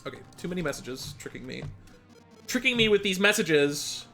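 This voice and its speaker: Male streamer, high and very expressive, casual self-talk commentary; faint background music. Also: normal speed, vocal fry. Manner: animated, talks to himself, sudden yelps and laughs. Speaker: speedrunner streamer. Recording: faint music and keyboard behind.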